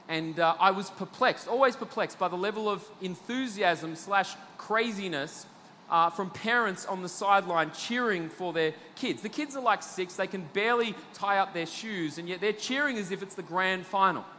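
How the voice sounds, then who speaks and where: Australian man, middle-aged pastor, high voice, sermon, emphatic swells and drops, long hall reverb. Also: a little hiss or hum. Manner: emphatic preacher, swelling to loud peaks then dropping low and slow.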